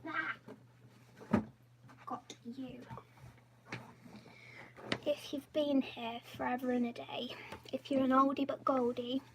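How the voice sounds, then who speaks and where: A woman's voice: sits high, little pitch movement, slow, pauses often, noisy background. A woman live-streaming from her home office, chatting in a rambling, self-deprecating way, often dropping to a half-whisper. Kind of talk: casual live-stream chat.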